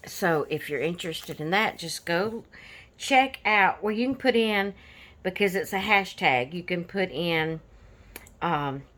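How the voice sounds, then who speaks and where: A woman's voice: fairly low pitch, animated, a little slow, a bit bright. A woman hosting a coloring channel, chatting casually about her finished pages in an easygoing, rambling way with lots of fillers.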